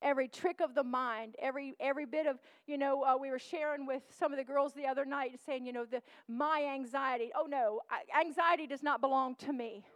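A woman preacher delivers a sermon in a very high voice. She calls out to the congregation and moves between loud declarations and quiet, intense passages. The sound is dry and close. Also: fairly even intonation, brisk, hardly any pauses, no echo. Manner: call-and-response preaching, swings from shouting to hushed.

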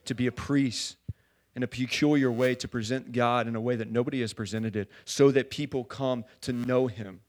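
A man preaching a sermon in a church, talking casually with many fillers and building to loud fervor. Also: mid-range voice, fairly even intonation, moderate pace. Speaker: pastor.

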